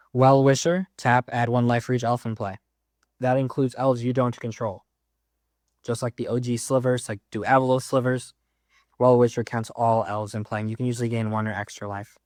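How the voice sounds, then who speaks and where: A man casually walking through a card game deck, reading card text aloud with quick offhand comments. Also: mid-range voice, no echo, studio quality.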